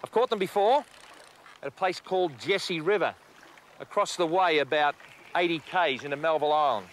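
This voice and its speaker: A man's voice: on the high side, normal speed, a little hiss or hum. A middle-aged Australian man hosting a fishing show, exuberant and jokey, talking straight to viewers from a boat outdoors. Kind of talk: excitable fishing show commentary.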